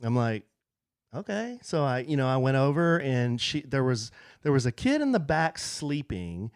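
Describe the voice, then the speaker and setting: A man co-hosting a podcast tells a story with an animated, swinging delivery and keeps slipping into the voices of the people in it. He is recorded close, with a dry, tight sound. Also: medium pitch, moderate pace, smooth, dry recording. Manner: animated storyteller, acts out quoted voices, laughs often. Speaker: podcast co-host. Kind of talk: casual chat, storytelling. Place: podcast studio.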